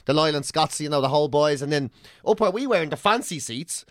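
Irish male co-host, lively sweary storyteller, dry studio sound. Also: fairly high pitch, quick pace, dry recording. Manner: animated storytelling, swears often, breaks into chants. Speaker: podcast co-host. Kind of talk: casual chat.

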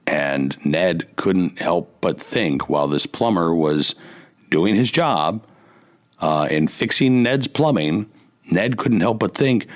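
A man hosting a radio talk show, musing in a halting way with many fillers, wry and indignant. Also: deep voice, expressive. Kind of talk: casual radio monologue. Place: radio studio.

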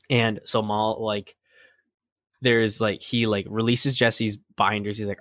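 A young man co-hosting a podcast, retelling a scene in an excited, rambling way full of fillers. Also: on the low side, a little slow, no room sound, studio quality. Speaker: podcast co-host. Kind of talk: casual fan chat.

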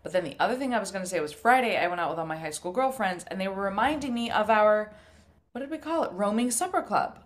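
A young woman co-hosting a food podcast in casual chat, telling animated stories, swearing and laughing often. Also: medium pitch, fast talker. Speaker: podcast co-host.

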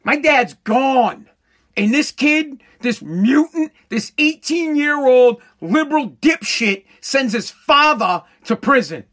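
A man delivering a profane comedic rant, loud and full of stammered repetitions. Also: very high voice, expressive, slow pace.

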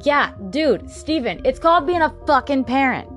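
A woman's voice: sits high, lively intonation, normal speed, soft background music. A woman casually narrating a true crime story, blunt and sarcastic, swearing in her asides.

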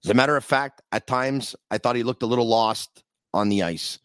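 A man hosts a sports podcast from his basement, his voice close and dry with no room echo. He talks in a relaxed, conversational way and builds up to his questions. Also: medium pitch, a little fast, smooth. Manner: conversational, sets up questions in long lead-ins. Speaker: podcast host. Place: home basement.

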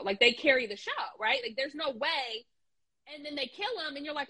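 A woman in casual podcast chat, talking in an animated, slangy, emphatic way. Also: high-pitched, brisk, poor audio.

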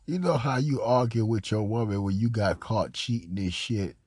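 A man giving casual, profane commentary on a recorded phone call, mocking, repetitive and animated, often laughing and coughing. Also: lowish voice, moderate pace, heavy background noise. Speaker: commentator reacting to a leaked call.

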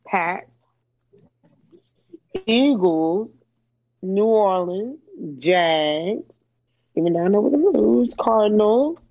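A woman co-hosting a casual sports chat, blunt and brisk as she reads off picks. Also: mid-range voice, lo-fi sound. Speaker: podcast co-host.

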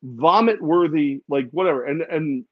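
A man co-hosting a podcast, telling funny stories in a casual, animated way and sometimes putting on voices. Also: on the high side, moderate pace, no echo, narrow, tinny audio. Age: adult with a daughter. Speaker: podcast co-host. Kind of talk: casual chat.

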